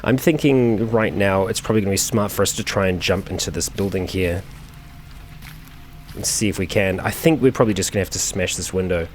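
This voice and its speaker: A man's voice: low voice, brisk, faint music behind. A man hosting a let's play, chatting through his gameplay as he thinks aloud, with frequent fillers. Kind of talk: gameplay commentary.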